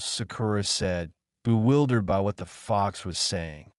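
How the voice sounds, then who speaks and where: A man narrating a fan fiction story in an animated storytelling manner. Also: on the low side, measured pace, clear, resonant tone, no echo, clean studio sound. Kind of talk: scripted narration.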